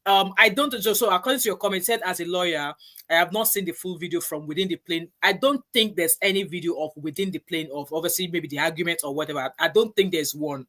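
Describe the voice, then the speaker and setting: A woman's voice: on the low side, fast, fairly bright tone. A woman hosting a casual panel chat, emphatic and repeating herself. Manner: emphatic, repeats herself, rises when stirred. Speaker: host.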